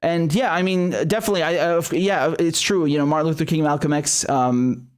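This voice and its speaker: A man's voice: a little high, brisk, clean tone. Blunt, foul-mouthed male stream host. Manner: blunt, heavy swearing, many restarts. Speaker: show host. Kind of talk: live-stream commentary and reading viewer chats.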